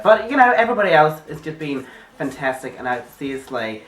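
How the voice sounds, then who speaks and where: A man's voice: mid-range voice, big pitch swings, a little slow, a bit bright, faint music behind. A man rambles playfully through a comic interview, restarting his sentences as he goes. His mid-range voice sounds roomy, heard from some distance away from the mic. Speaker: interview guest.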